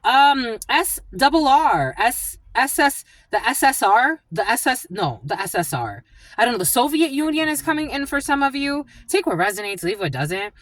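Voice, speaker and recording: A woman doing a channeled psychic reading, speaking in halting bursts and repeating single words as they come to her. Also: high-pitched, very animated, fairly bright tone, dry recording. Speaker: psychic reader.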